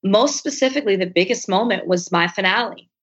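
A woman guest on an interview podcast tells a personal story candidly and animatedly, acting out the lines of other people. Her mid-range voice is brisk with a breathy edge, on a dull lo-fi recording.

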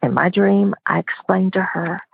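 Husky woman telling a story over a phone line. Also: medium pitch, normal speed, no room sound. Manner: emotional, earnest, sometimes whispery.

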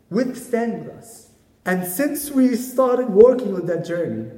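A man gives a rallying public speech with a fairly high but mellow voice. He is picked up from some distance, and long reverb rings through a roomy hall behind him. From Israel. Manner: emphatic, rallying. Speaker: speaker at a community event. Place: large synagogue hall.

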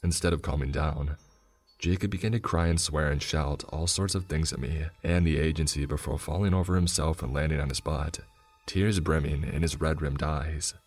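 A man narrating a scripted horror story in a measured, grim storytelling manner. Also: very deep voice, steady tone, a little mellow.

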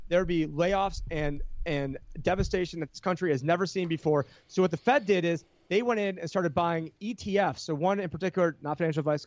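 A man's voice: on the high side, a little mellow, dull audio, slight background noise. A man talking as a podcast guest, explaining finance with heated energy and many restarts. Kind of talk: casual podcast chat.

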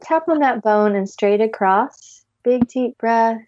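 Guiding a tapping session with breathing, a woman with a slightly high voice speaks at a slow pace, offering calm step-by-step instructions and leading the group in repetition. Deep, audible sighs and yawns come between her phrases. The sound is dull and dry, with no room echo.

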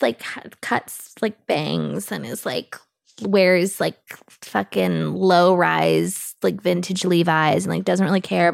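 A woman chatting on a podcast, rambling fast with many fillers and swear words. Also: on the low side, vocal fry, no room sound, clean studio sound. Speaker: podcast guest. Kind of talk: casual podcast chat.

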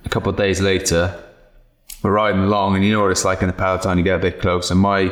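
Male podcast host, low-pitched, loose storyteller who swears, in a roomy space. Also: little pitch movement, fast talker. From Wales. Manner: jokey, swears freely, tells anecdotes. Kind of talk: casual podcast chat.

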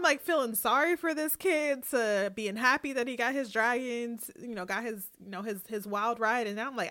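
A woman casually recapping a TV episode for a podcast, animated and laughing often as she tells it. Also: on the high side, measured pace, hardly any pauses, no room sound, studio quality. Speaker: podcast co-host.

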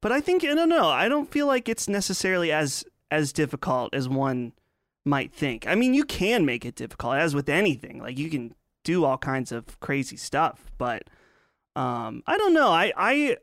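A man in a casual podcast chat, speaking hesitantly and halting between thoughts. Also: a little high, very animated, fairly bright tone, dry recording, studio quality.

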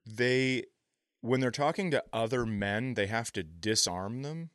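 A man co-hosting a comedy podcast, telling rambling stories and sometimes bursting into loud impressions. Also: mid-range voice, animated, unhurried, dry recording, studio quality. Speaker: podcast co-host. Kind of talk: casual comedy podcast chat.

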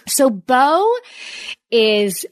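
A woman in her thirties hosting a casual chat, animated and talkative. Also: a little high, drawn-out words. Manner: chatty and animated, acting out her son's voice. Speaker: podcast host.

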